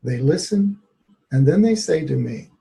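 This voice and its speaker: A man's voice: a little high, expressive, unhurried, vocal fry, mellow. A man, a therapist, telling a candid personal story in an interview, reflective and laughing at times. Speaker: therapist guest.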